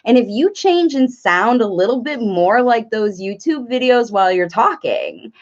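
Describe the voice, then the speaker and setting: A woman speech therapist and parent coach giving live Q&A advice, talking in an animated way and breaking into playful sing-song examples. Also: a little high, normal speed. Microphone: live stream. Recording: dull lo-fi livestream audio.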